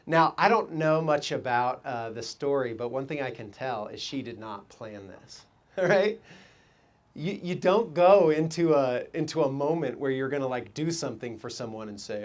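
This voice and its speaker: A man preaching a sermon as pastor, telling stories with lively quoted voices and asking the congregation reflective questions. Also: mid-range voice, moderate pace. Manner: animated storytelling, quoting people in raised voices.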